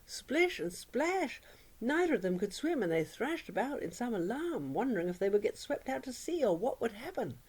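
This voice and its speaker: A woman telling a children's story in an expressive, sing-song way, dropping to hushes for drama. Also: fairly high pitch, normal speed, breathy edge. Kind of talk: oral storytelling for young children.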